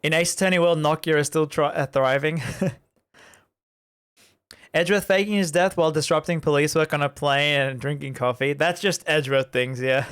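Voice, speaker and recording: A man gives loose, chatty commentary while playing a game on stream, wandering off topic, talking to chat a lot, and filling gaps with words like "like." His fairly high voice is steady, smooth, and a bit bright, moving at normal speed.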